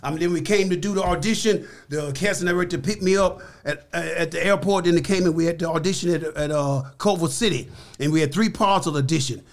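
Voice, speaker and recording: Older male guest, high-pitched, emphatic, animated storyteller who voices his quotes. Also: quick pace, few pauses. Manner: emphatic, repeats key words. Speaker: interview guest. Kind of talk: storytelling in a podcast interview.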